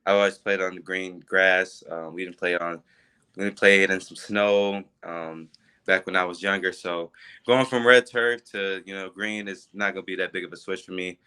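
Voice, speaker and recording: Soft-spoken young man with a deep voice. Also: fairly even intonation, normal speed, smooth. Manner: soft-spoken, hesitant, many ums. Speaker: guest, high school football recruit. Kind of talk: interview answers.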